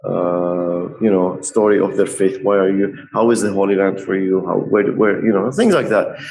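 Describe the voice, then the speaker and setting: A middle-aged man with a fairly low voice tells stories as a guest tattoo artist. His delivery is animated and full of laughter. He speaks conversationally on a podcast. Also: normal speed, low-quality recording. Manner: laughs often, lively retelling. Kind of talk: animated storytelling.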